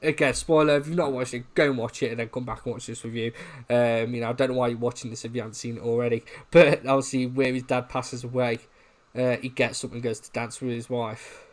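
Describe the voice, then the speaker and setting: A man co-hosting a laid-back review podcast with a medium-pitched voice. He talks in a friendly, chatty way, laughing along with his co-host. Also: level tone, fast talker. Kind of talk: casual review chat.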